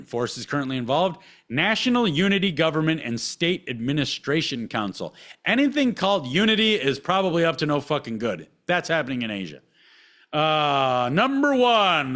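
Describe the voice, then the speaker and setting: A man's voice: a little high, fairly bright tone. Blunt, cursing male podcast host. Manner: blunt, sarcastic, swears often, reads lists aloud with asides. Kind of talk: profane casual commentary.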